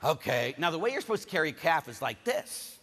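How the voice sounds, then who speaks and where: A man's voice: on the high side, very animated, fast talker, a bit bright, long reverb tail. A man from Pittsburgh with a Pittsburgh accent, preaching a sermon told as a jokey farm story, with big swings in volume.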